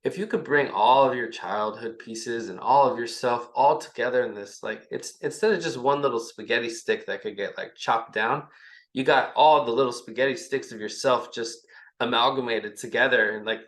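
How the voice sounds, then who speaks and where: A man's voice: mid-range voice, moderate pace, fairly bright tone. A man as a podcast guest, talking loosely and rambling, acting out little bits of dialogue between himself and his partner. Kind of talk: casual conversation. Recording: echoey room.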